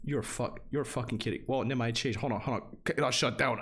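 A man's voice: mid-range voice, fast talker, fairly bright tone, faint music behind. A young man streaming live, flustered and swearing as he reads game text aloud. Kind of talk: live gameplay commentary.

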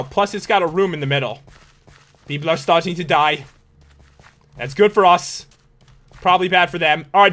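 An excitable young man with a high voice gives running commentary over his own gameplay. He jokes with other players and frets out loud when things get close. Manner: excitable, jokey, panics out loud. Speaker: gaming video host.

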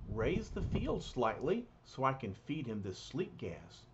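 Mister Fantastic, calm scientist leader as a man reads him. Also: medium pitch, a little slow. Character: calm male scientist leader, level-headed. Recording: muffled lo-fi recording, faint hiss.

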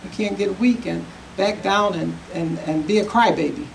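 A woman's voice: mid-range voice, moderate pace, vocal fry, recorded from a distance, a loud crowd, low-quality recording. A woman giving a church testimony who says amen after nearly every phrase.

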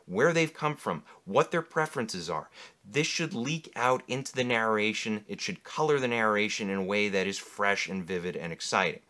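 Bright-voiced man teaching writing craft. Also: medium pitch. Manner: clear, steady explanatory delivery. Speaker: writing instructor and novelist. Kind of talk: writing advice lesson to camera.

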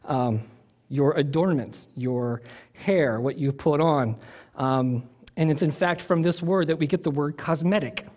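A man's voice: a little high, measured pace, muffled recording. A man preaching a sermon in a conversational, teaching way, often restarting his phrases. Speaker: pastor.

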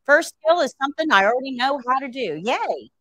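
A woman's voice: sits high, sing-song, fairly quick, pushed and bright, dry recording, rough recording. A woman nursing instructor telling a story to her class during a livestream, asking rhetorical questions as she goes.

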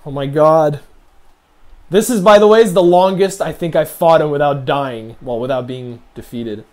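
A young man giving gameplay commentary, swearing often and shouting at the game. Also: on the high side, normal speed. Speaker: let's play commentator.

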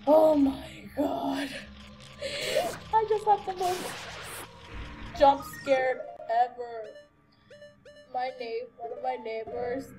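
A young woman giving nervous, jumpy commentary while playing a video game, gasping and exclaiming as she goes. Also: fairly high pitch. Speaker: let's play gamer. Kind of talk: frightened gameplay commentary.

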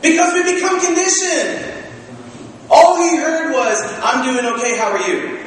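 High-voiced pastor preaching in an echoing hall. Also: male voice, a little hiss or hum. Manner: animated storytelling with acted-out quotes. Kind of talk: sermon. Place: church sanctuary. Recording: echoey hall from far off.

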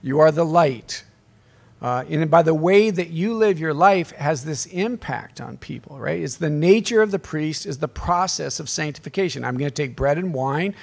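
Gravelly-voiced priest preaching to a crowd. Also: male voice, on the high side, expressive, moderate pace. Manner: conversational storytelling with humor and call-outs to the crowd. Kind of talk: conference talk to a live audience.

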